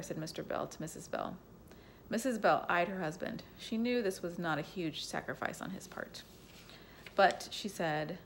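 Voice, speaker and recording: A woman at home reading a bedtime story aloud, gentle and casual, with asides to the listener. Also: on the low side, moderate pace, gravelly, a little hiss or hum.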